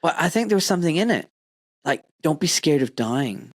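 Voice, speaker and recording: A middle-aged man with a British accent, talking in an animated, swearing storytelling style as a podcast host. His voice sits a little high for a man. The recording is close and dry. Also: brisk, dry recording. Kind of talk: casual conversation.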